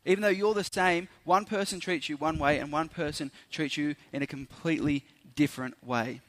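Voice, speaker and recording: Brief: young Aussie preacher, animated storyteller, fairly high voice. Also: male voice, normal speed. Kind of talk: sermon with a storytelling opening.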